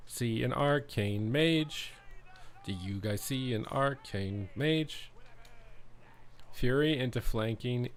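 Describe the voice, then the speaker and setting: Young male streamer, fairly low voice, reactive slangy play-by-play. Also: slight background noise. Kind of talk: live gameplay commentary.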